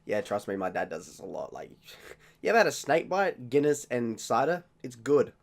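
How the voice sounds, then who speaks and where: An Australian man talking casually in a beer-tasting vlog, rambling, jokey and quick to mock himself. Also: medium pitch, big pitch swings, gravelly. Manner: rambling, jokey and self-mocking. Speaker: vlogger.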